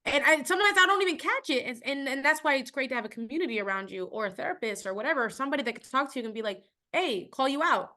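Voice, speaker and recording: A woman's voice: high-pitched, expressive, very fast, hardly any pauses, bright, forceful tone. A woman guest on a podcast, chatting in a reflective, casual way with plenty of fillers. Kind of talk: casual interview chat.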